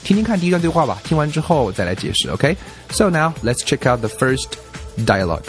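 A man teaching a lesson, explaining in a mix of Chinese and English and slowly repeating example phrases. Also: on the high side, big pitch swings, faint music behind. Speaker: language teacher. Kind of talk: bilingual classroom explanation.

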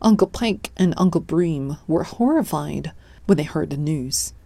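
Slow, mellow woman reading a storybook. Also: low-pitched, animated, vocal fry, no echo. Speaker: storybook reader. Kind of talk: read-aloud children's story narration.

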